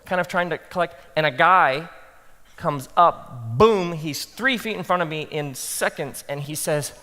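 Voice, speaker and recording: A man speaking as a pastor to a live audience, telling animated stories and acting out his own thoughts in soft asides. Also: on the high side, a little slow, in a large hall. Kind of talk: talk to pastors, animated storytelling.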